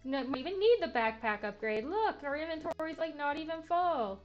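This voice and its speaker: A woman's voice: sits high, animated, moderate pace, muffled recording, soft background music. A young woman streaming a game, chatting casually, full of filler words and jokey asides. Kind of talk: casual let's-play commentary.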